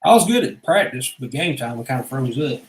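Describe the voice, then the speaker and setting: A vlogger rambles through stories from his life, blunt and profane, in an echoey room. His medium-pitched voice is animated and a little fast.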